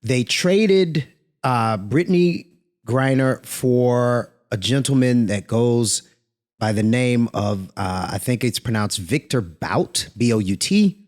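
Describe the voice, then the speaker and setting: A man's voice: mid-range voice, animated, slow pace, darkish tone. A man co-hosting a podcast in casual chat, laughing easily and dropping joking asides. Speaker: podcast co-host.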